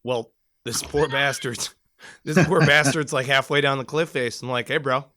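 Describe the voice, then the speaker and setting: A man co-hosting a podcast, telling a story in a casual, animated way with plenty of swearing. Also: medium pitch, moderate pace, no room sound, clean studio sound. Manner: animated, profane, rambling storyteller. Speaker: podcast co-host, former Marine.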